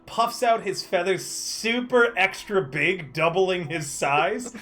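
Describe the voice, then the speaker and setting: Man, game master, tabletop narration, high voice, bright tone, playful. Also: lively intonation, slow.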